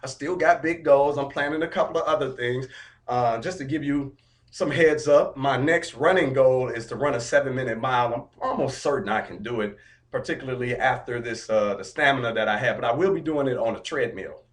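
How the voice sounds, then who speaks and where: A man vlogging a casual update, telling his story in an upbeat, motivational way, with a mid-pitched voice. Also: fairly quick.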